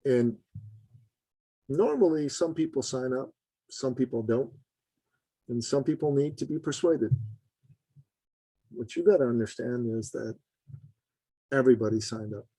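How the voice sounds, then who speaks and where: A man speaking as a podcast guest, telling an earnest story in an animated way, his voice jumping high for emphasis. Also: a little slow, pauses often, dry recording, rough recording. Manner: earnest, addresses host as brother. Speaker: podcast guest, business consultant.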